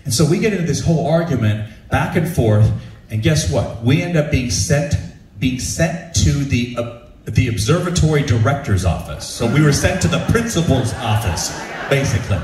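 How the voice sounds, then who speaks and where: A man telling a comic story to a live audience, animated and self-deprecating, laughing as he goes. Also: medium pitch, moderate pace, roomy sound, distant mic, a little hiss or hum. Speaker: stand-up storyteller, show host. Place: shipboard show venue.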